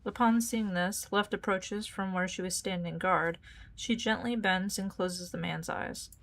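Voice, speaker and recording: A woman's voice: mid-range voice, fairly even intonation, measured pace, creaky. A young woman VTuber giving casual gameplay commentary, reading the story text aloud and laughing often. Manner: giggly, chatty, reads narration aloud. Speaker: VTuber streamer.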